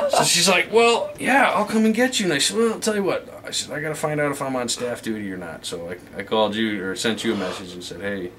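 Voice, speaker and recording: Man in his thirties, crude rambling storyteller, lowish voice, faint room hum. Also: brisk. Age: 30s. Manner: profane, rambling anecdote with quoted dialogue.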